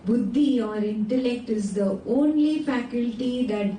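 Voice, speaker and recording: A woman teaching a scripture class in a lively, questioning way, with a slightly high but mellow voice. She sounds some distance from the mic in an echoey room, with faint noise behind her. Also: measured pace. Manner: animated, asks the class frequent check-in questions. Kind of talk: teaching a class on a sacred text. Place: indoor class room with students.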